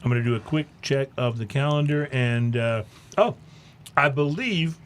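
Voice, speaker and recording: A man hosting a casual podcast chat, halting and full of filler words, with a joking tone. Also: medium pitch. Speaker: podcast host.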